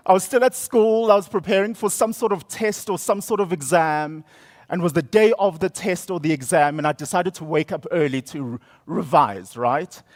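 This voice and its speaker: A young man hosting a conference on stage. His voice sits a little high for a man, and he tells a story in a lively, theatrical way with sudden jumps in pitch and loudness. It sounds like a keynote talk. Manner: animated and theatrical, with big swings in pitch and loudness. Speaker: event host.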